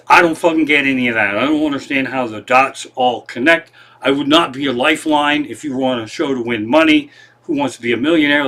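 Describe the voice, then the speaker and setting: Streaming from his living room, a comedian rambles through a loose comic monologue, swearing freely and making fun of himself as he wanders between tangents. His voice is bright, forward and a little high.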